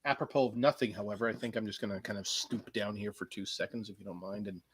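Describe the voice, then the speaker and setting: A man hosting a casual solo podcast, rambling and sarcastic, swinging between low mutters and loud outbursts. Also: fairly even intonation, fast, few pauses, slight background noise. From Canada. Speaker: podcast host previewing wrestling shows.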